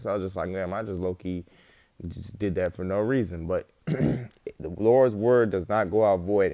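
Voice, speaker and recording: A man's voice: lowish voice, no echo. A man giving a casual spoken religious testimony, rambling and slangy, with lots of fillers and the odd swear word.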